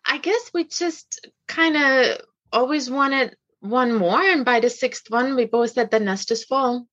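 A woman's voice: sits high, slow pace, a bit bright, dull audio. A woman guest from Germany with a slight German accent, chatting in an interview and laughing easily. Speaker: guest, parent coach. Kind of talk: casual interview chat.

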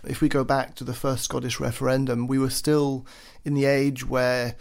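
A man's voice: medium pitch, flat delivery, moderate pace, gravelly. A man speaking fluently and emphatically as a panelist in a political podcast. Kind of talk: analytical discussion.

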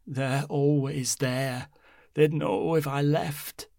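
Brief: scared, stubborn old nan, slow halting delivery, higher-pitched, a male narrator doing her. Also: fairly even intonation, a little mellow, no echo, studio quality. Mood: haunted, insistent. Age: older. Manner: slow, halting, trembling pleas. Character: frightened old grandmother, stubborn, tearful.

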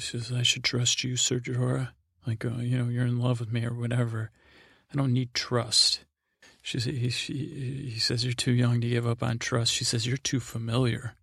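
A man's voice: medium pitch, creaky, a bit bright, slightly rough, dry recording, studio quality. A middle-aged man meandering through a rambling sleep-aid recap as a podcast host, full of fillers and asides.

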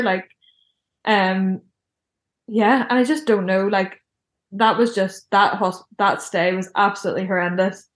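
A woman's voice: medium pitch, fairly even intonation, measured pace, roomy sound. A young woman telling a personal story in a casual, chatty way, filling her speech with "like". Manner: chatty, heavy use of "like" fillers.

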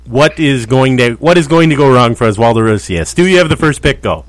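Lively, wry man steering a podcast. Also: mid-range voice, brisk. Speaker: podcast co-host. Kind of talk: casual sports chat.

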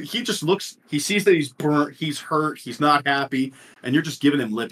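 A man running a tabletop game as guest game master, playful and animated. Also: a little high, a little fast, few pauses, slightly rough.

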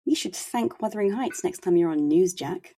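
Husky-voiced, teasing woman host. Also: fairly low pitch, expressive, normal speed, dark tone. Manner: teasing, encouraging, laughs easily. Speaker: podcast host. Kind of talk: casual podcast interview.

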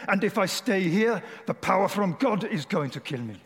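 A man's voice: sits high, big pitch swings, normal speed, pitched above the performer's own voice. A man imitating an elderly German preacher with a German accent, dramatically recounting a story. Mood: dramatic recounting. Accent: German, put on. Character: elderly German male preacher recounting his boyhood calling. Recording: echoey hall.

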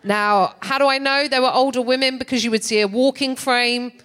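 This middle-aged English comedian and co-host tells a stand-up story in a high-pitched, smooth voice at a fairly quick pace. She's wry and animated, with frequent bursts of laughter.

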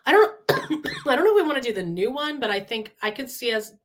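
High, lively, bright woman podcaster. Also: fast. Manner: jokey, reads viewer comments. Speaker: podcast co-host. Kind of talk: casual podcast chat.

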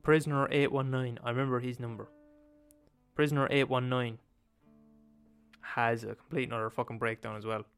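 A man's voice: mid-range voice, level tone, moderate pace, long pauses, a bit bright, clean tone, soft background music. A man with an Irish accent retelling a story in a casual, profane, repetitive, conversational way.

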